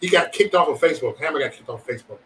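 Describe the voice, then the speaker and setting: A man's voice: on the high side, animated, very fast, a bit bright, distant mic, slight background noise, poor audio. A man hosting a livestream, chatting casually with viewers in profane, rambling banter and joking threats. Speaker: livestream host.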